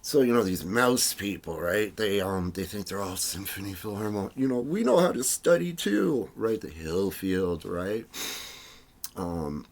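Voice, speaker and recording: A man giving a rambling, disjointed monologue, dropping to mumbles and then rising into loud, agitated bursts. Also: fairly low pitch, very animated, a little slow. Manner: rambling and disjointed, full of "you know" and "right?" tags.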